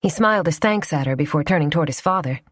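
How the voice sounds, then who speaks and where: Low, husky woman reading a romance. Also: animated, quick pace, no room sound, clean studio sound. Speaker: audiobook narrator. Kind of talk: scripted romance narration.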